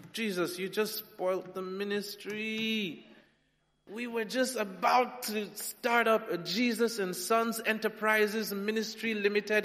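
A man from Nigeria, preaching a sermon with humour, swinging between loud and soft. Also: high voice. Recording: long hall reverb.

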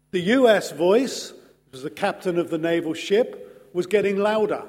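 A man preaching a sermon in an earnest, measured way, pausing slowly for emphasis. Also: high-pitched, animated, darkish tone. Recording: long hall reverb.

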